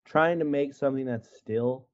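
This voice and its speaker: A guest artist from Wisconsin, USA, speaks at a normal speed in a medium-pitched voice, the video-call audio sounding muffled. His interview storytelling is casual and meandering, packed with "like" and "you know."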